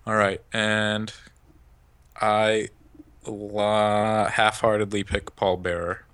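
A man co-hosting a casual podcast chat, blunt and deadpan, swearing freely. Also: on the low side, slow, clean tone. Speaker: podcast co-host.

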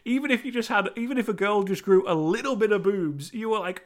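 A man's voice: high-pitched, lively intonation, brisk, hardly any pauses. Chatty British man reviewing a film. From United Kingdom. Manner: loose and chatty, with many restarts, casual swearing and laughter. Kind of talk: casual rambling commentary.

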